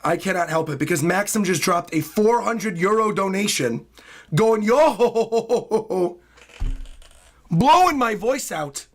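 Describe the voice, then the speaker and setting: A man streaming live in casual chat, hoarse with a worn-out voice, excitable and prone to bursts of loud hyped yelling. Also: sits high, unhurried. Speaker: streamer reacting to a comic chapter.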